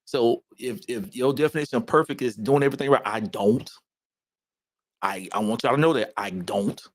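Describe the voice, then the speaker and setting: Man, podcast co-host, emphatic and lively, repeats words as he thinks, dry close mic. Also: medium pitch, normal speed, dry recording. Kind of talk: casual faith podcast chat.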